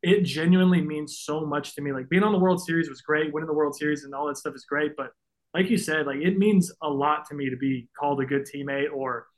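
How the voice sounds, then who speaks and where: A man's voice: a little high, fairly even intonation, brisk, low-quality recording. Earnest, emotional man talking casually. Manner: earnest, openly emotional, many fillers. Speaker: guest, pro baseball pitcher. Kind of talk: casual podcast interview.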